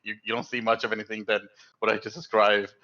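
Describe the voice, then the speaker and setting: A young man runs a tabletop game in a bright, forward voice, rambling and hesitant, full of fillers and quick restarts. The sound is dull and lo-fi. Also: fairly low pitch, little pitch movement. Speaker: dungeon master.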